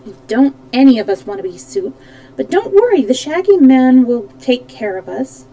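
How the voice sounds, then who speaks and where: A woman's voice: sits high, sing-song, moderate pace, dark tone, no echo, voice pushed up, low-quality recording. A woman voicing a brave, curious young girl in a storybook, speaking eagerly. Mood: anxious. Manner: eager and wondering.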